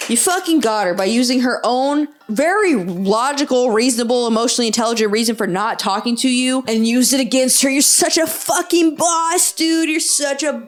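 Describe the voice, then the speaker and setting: A young woman reads online posts aloud and rips into them with sarcasm and frequent swearing. Her voice sits fairly high, and a faint bed of music plays underneath. She sounds exasperated. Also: normal speed, few pauses. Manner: sarcastic, exasperated, swears often, laughs a lot. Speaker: podcast host. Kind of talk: reading and reacting to online stories.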